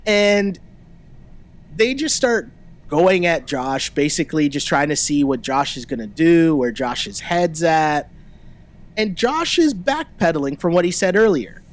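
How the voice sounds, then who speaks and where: A man walks through an episode in a loose, chatty podcast recap. His voice sits a little high for a man, and he keeps dropping quick quoted lines from the people he describes. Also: animated. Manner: retells scenes in quick bursts, quoting people. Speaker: podcast co-host. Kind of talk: casual recap chat.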